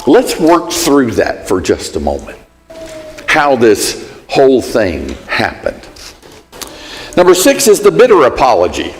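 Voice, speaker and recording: Lively man teaching a church class. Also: mid-range voice, unhurried, in a large hall, soft background music. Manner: conversational, gives everyday examples and acts out sample apologies. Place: church hall.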